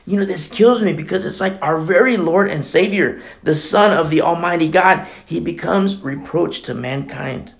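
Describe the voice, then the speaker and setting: A man's voice: sits high, moderate pace, vocal fry, hardly any pauses. A man preaching a sermon as pastor, impassioned and conversational, talking straight to the congregation with many fillers.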